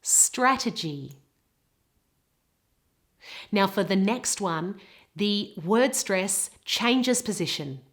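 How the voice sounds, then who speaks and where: A woman with a British English accent teaching pronunciation, modelling words slowly and carefully. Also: medium pitch, animated. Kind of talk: pronunciation lesson.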